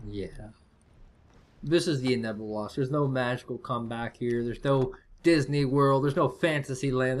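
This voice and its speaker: Calling a strategy game, this male esports caster keeps things relaxed, wandering off-topic and joking as he reasons out loud. His voice has a middling, everyday pitch.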